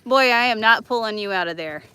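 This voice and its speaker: A woman's voice: fairly high pitch, a little fast, bright, forceful tone, clean tone. A woman chatting casually while walking her dogs on a snowy rural road, laughing and joking and voicing what her dogs are thinking. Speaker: homestead vlogger.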